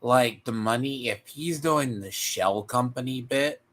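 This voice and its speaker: A man speaking slowly as a stream guest, in a middle-pitched voice. He hesitates, trails off and restarts in casual chat. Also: fairly bright tone.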